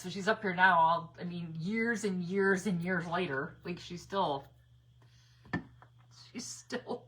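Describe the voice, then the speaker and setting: A woman's voice: lowish voice, sharp tone, breathy edge. A woman hosting a live craft stream, chatting casually while she paints, greeting viewers by name and laughing often. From northern United States. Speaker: craft livestream host.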